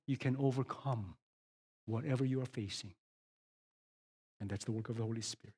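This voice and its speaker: A middle-aged male pastor preaching a sermon, moving from hushed storytelling to rising, emphatic questions. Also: medium pitch, normal speed, pauses often, husky.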